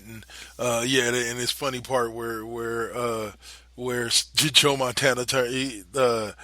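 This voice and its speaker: A man's voice: mid-range voice, bright, forceful tone, dry recording. A man hosting a podcast, giving casual, profane commentary with laughing asides. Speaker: podcast host.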